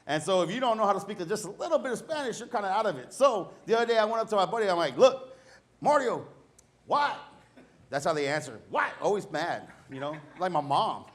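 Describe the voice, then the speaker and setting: A middle-aged man performs a stand-up set for a live audience, his high voice animated and quick with few pauses. His style is conversational and self-deprecating, and he acts out dialogue in raised voices.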